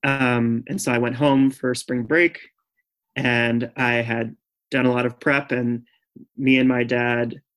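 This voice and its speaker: A man opening up on a podcast, talking in a chatty, earnest way. His telling is dotted with "like" and "um" as he works through the memory. His pitch sits in an ordinary middle register. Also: flat delivery, takes it slowly, fairly bright tone. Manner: chatty, full of "like" and "um" fillers; earnest and candid. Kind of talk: personal storytelling on a podcast.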